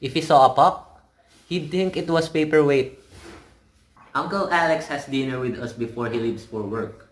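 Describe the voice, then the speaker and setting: A lonely teenage boy , played by a young man, tells his story casually and wryly, at a mid pitch. His voice echoes around a bare room. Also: lightly acted. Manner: casual, wry storytelling with slow drawn-out words. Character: hungry, lonely teenage boy missing home. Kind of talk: dramatic monologue in a student film.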